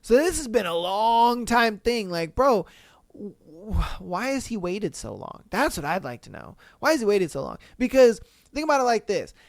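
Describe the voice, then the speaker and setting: A woman hosting a podcast, reading a listener's story aloud and reacting in an animated, slangy way with plenty of swearing. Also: a little high, moderate pace, dry recording, studio quality. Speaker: podcast host.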